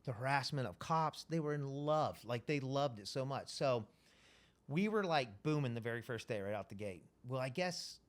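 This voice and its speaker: A man's voice: medium pitch, moderate pace. A man telling a story as a podcast guest in casual, profane talk, acting out the lines of the people he describes. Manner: profane, animated, acts out quoted dialogue.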